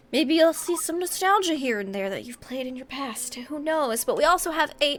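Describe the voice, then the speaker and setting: A woman's voice: high-pitched, a bit bright. A woman hosting and running a tabletop game stream, signing off in a bubbly manner with frequent laughs. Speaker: host and game master. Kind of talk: casual stream sign-off.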